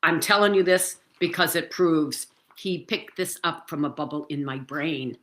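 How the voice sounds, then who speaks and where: A woman in her seventies sharing her own story in casual talk, animated and emphatic, talking with her hands, into a computer mic indoors. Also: deep voice, unhurried. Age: 70s.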